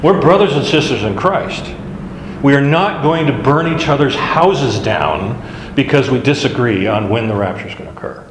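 A man teaching a Bible study class in a slow, conversational, self-deprecating way. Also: mid-range voice, animated. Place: classroom or church meeting room. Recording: echoey room recording, faint hiss.

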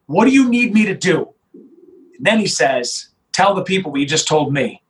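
A middle-aged man, a sheriff recounting a tense moment in an interview. His voice sits high for a man, and he talks with insistent emphasis, often doubling back on his own words. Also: normal speed, poor audio. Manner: emphatic, animated retelling with restarts. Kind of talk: interview storytelling.

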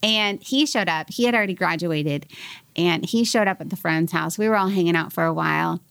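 Animated woman telling her story, gravelly edge. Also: on the low side, a little fast, no echo. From California. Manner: animated, laughing, acts out quoted voices. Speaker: podcast guest. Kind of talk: casual storytelling interview.

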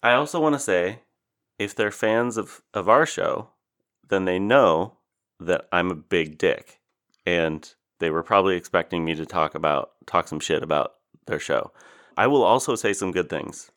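A man's voice: low voice, moderate pace, fairly bright tone. A man co-hosting a podcast in casual chat, blunt and sarcastic, with dry humor. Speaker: podcast co-host.

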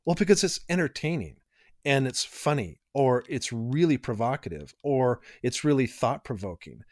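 A man co-hosting a casual podcast, explaining ideas in an energetic, teacherly way and building long lists of examples. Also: medium pitch, normal speed, no room sound. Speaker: podcast co-host.

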